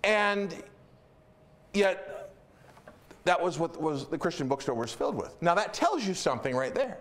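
Man, middle-aged pastor, sermon, emphatic storytelling, high voice, lively swooping pitch. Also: moderate pace.

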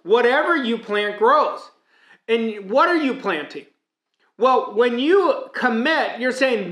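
A man's voice: very high voice, expressive, takes it slowly, a bit bright. A man giving a motivational speech as a mindset coach, emphatic and preaching, with many rhetorical questions. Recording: echoey room.

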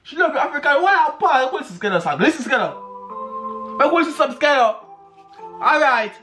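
A Jamaican man reacting to music on his vlog, talking excitedly, shouting exclamations and repeating phrases fast. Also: very high-pitched. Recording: echoey room with music playing.

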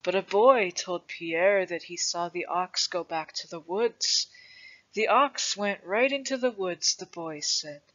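A reader doing a slow, gentle old grandfather. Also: medium pitch. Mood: wondering. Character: old grandfather telling a legend to his grandson. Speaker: storyteller. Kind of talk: storybook reading. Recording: dull lo-fi recording.

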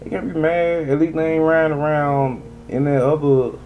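A man's voice: on the high side, steady tone, moderate pace, lo-fi sound, slight background noise. A man giving rambling, profane gameplay commentary as he talks to his viewers. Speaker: gaming streamer.

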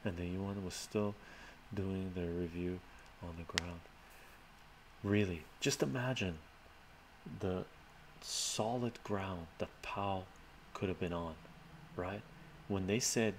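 A man's voice: deep voice, fairly even intonation, unhurried, a little hiss or hum. A man live streaming and answering his chat in a loose, rambling way, often tagging his points with "right?" and chuckling.

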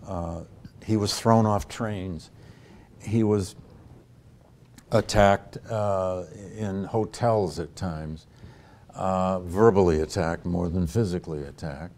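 A man's voice: low voice, takes it slowly, darkish tone. A male historian answering audience questions at a lecture, thinking aloud with frequent hesitations and restarts.

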